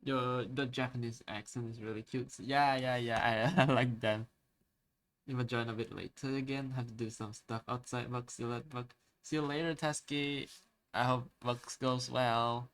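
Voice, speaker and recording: An easygoing man chats casually on a cozy art stream, answering his viewers as they type. His voice sits at a middling pitch, and he talks in a relaxed, conversational way. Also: moderate pace. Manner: easygoing, reacting to viewer comments.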